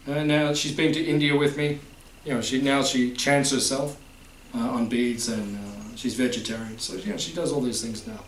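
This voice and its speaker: Brief: spiritual teacher, conversational, quizzes the crowd, far from the mic. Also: male voice, medium pitch, lively intonation, a little slow, long pauses, slight background noise. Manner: chatty, quizzes the audience with repeated "huh?". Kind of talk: informal spiritual talk to a live audience. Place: festival hall. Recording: roomy hall, distant mic.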